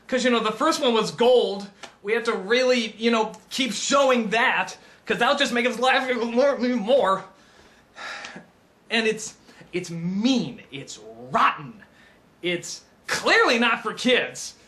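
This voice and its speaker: A man reviewing films in an impassioned unscripted rant. He is excitable, stammers and restarts, and swings between shouted outbursts and low mutters. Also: a little slow. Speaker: film reviewer.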